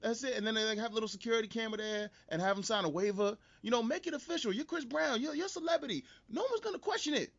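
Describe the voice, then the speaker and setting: A high-voiced man hosting a podcast, riffing through an animated, profane comedic rant. He jokes without pause and swears freely. The recording is dull and lo-fi. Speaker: podcast host.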